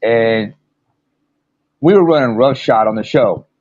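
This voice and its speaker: A man's voice: mid-range voice, measured pace, a little mellow. A man on a podcast hangout, joking and rambling in casual chat. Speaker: podcast panelist. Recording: dull lo-fi online audio.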